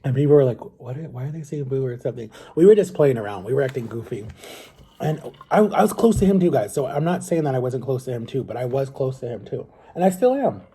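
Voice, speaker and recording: Male vlogger, dark and breathy tone, loose rambling storyteller talking to the camera. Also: mid-range voice, sing-song, fast. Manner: rambling, chatty, often addresses viewers as guys. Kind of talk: casual storytelling to viewers.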